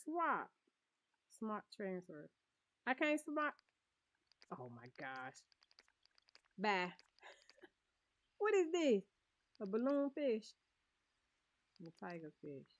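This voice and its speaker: A woman's voice: mid-range voice, sing-song, slow, long pauses. A woman streaming a cozy game, chatting and often laughing as she talks to her viewers. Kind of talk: casual game stream chat. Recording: dull lo-fi stream audio.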